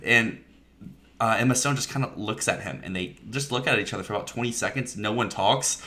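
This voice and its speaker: A man's voice: on the low side, quick pace, pushed and bright. A man, a podcast guest, talking enthusiastically about films in a casual discussion and laughing often.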